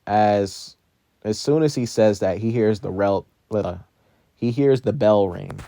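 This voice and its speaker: A man's voice: fairly low pitch, takes it slowly, creaky, dark tone, no echo, studio quality. A man narrating an improvised fan story in a rambling way, full of "kinda" and "you know.".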